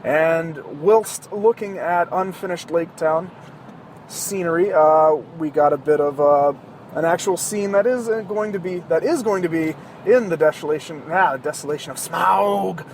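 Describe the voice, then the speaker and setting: A podcast host with a notably high-pitched voice rambles casually at a moderate pace from the driver's seat of a moving car. His loose talk is profane and sarcastic, full of jokes, while soft road noise hums faintly behind him.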